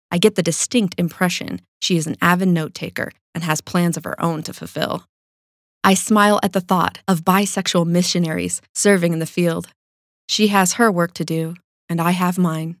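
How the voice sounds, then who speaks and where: A woman reading her own personal essay aloud in a calm, measured, sincere way. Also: fairly low pitch, no room sound, clean studio sound.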